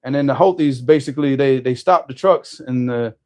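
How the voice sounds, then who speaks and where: A man telling a story in casual conversation, animated, often restarting his sentences. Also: medium pitch, a little fast. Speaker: storyteller guest.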